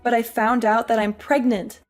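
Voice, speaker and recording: An actress playing an exhausted young working wife, weary and pleading. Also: female voice, fairly high pitch, little pitch movement, moderate pace, soft background music, close to an everyday voice. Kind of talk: audio drama acting.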